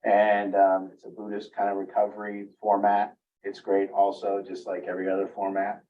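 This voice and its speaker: A man's voice: completely flat delivery, moderate pace, recorded from a distance, narrow, tinny audio. A man giving a teaching talk to parents about relationships, speaking earnestly and acting out what a parent might say. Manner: earnest, acts out parents' inner voices in a raised pitch. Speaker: family recovery coach.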